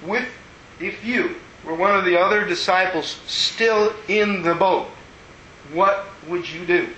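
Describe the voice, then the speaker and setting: A man preaching a sermon as pastor, telling stories in an animated way and acting out the people he quotes. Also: high voice, slow, slight background noise. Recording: roomy echo.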